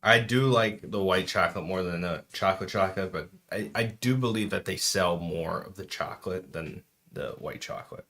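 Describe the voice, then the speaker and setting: A man's voice: low-pitched, normal speed, pushed and bright. A man streaming casually at home, chatting through a food tasting and dropping in Spanish words.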